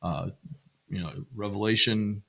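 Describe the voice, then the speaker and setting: A man's voice: lowish voice, fairly even intonation, measured pace, gravelly, fairly bright tone. A man co-hosting a church podcast, talking casually and rambling through sermon themes with many fillers and restarts.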